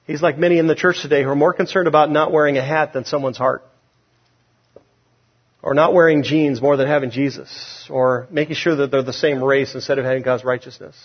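Husky-voiced man preaching emphatically. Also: fairly even intonation, brisk. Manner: emphatic, rising loud on key points and dropping low. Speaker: pastor. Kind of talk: sermon. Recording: dull lo-fi sound.

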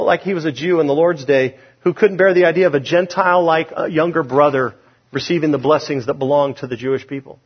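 A man preaching a sermon, emphatic, rising loud on key points and dropping low. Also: slightly rough. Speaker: pastor. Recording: dull lo-fi sound.

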